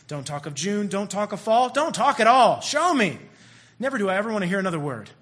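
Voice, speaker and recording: A man's voice: high-pitched, lively intonation, rapid-fire. A man singing the part of an exasperated young woman who is sick of hearing words and wants proof of love. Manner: sung, exasperated.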